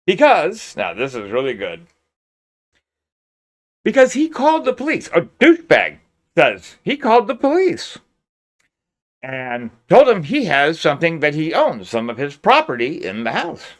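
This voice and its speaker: A man's voice: fairly high pitch, huge pitch swings, a little slow, fairly bright tone. A man giving sarcastic, incredulous commentary on a crime case, talking close to a mic. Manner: sarcastic, incredulous, laughs often. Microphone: close mic, peaking.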